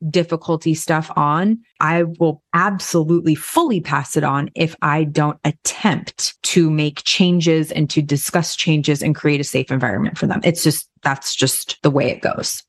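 A woman with a low voice hosts a podcast and talks through addiction and parenting in a frank, candid way. She speaks off the cuff and swears casually. Her voice sounds dry and close. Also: dry recording. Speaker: podcast host and addiction counselor. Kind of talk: conversational podcast advice.

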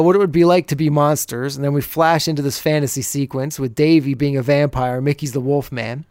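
A man's voice: fairly high pitch, darkish tone, dry recording, studio quality. A man hosting a podcast, casually recapping an old TV episode and chuckling as he retells the scenes.

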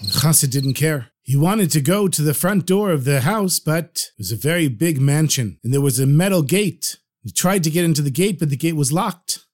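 A man telling a folk story, animatedly acting out every character. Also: a little high. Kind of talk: told folk story podcast.

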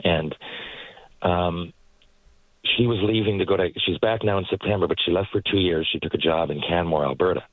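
Man, 40s; lowish, dry-recorded, rambling storyteller guest. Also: a little fast, no room sound, rough recording. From Newfoundland, Canada. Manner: rambling, animated anecdotes with frequent asides. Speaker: guest, former hockey player and actor. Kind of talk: casual storytelling interview. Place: parked car.

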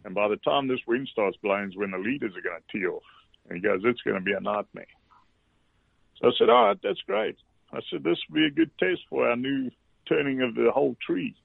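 A man from South Africa with a South African accent, a golfer guest telling relaxed anecdotes with salty language on a casual interview. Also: mid-range voice, brisk, creaky, breathy edge, no echo. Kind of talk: casual storytelling. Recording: dry tinny phone line.

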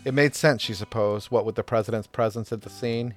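A man narrating a story chapter in a steady, measured reading voice. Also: medium pitch. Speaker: audiobook narrator. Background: faint guitar music.

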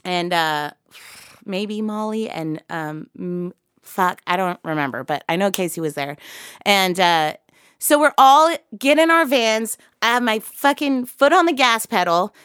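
Profane, animated storytelling woman. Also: medium pitch, measured pace, smooth, dry recording, clean studio sound. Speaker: touring musician, guest. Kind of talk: casual storytelling chat.

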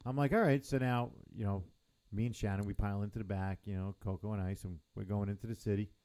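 A man's voice: on the low side, fast, clear, resonant tone. A man co-hosting a casual podcast, telling stories with plenty of acted-out quotes. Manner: animated storyteller acting out quotes. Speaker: podcast co-host. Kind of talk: casual chat.

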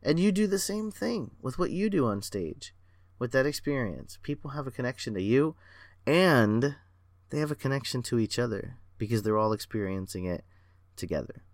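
A man hosting a solo podcast as a performance coach, excitable and rambling, talking in a self-aware way. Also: medium pitch, moderate pace, dry recording, clean studio sound.

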